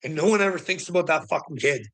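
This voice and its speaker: A man's voice: on the high side, expressive, fast, fairly bright tone. A man on an angry livestream rant, swearing heavily and sounding bitter and indignant. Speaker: streamer.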